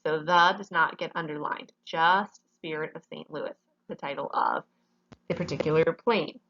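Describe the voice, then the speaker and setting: A woman's voice: sits low, normal speed, fairly bright tone, dull audio. A woman teaching a grammar lesson in a classroom, explaining each rule step by step and often checking with "okay?".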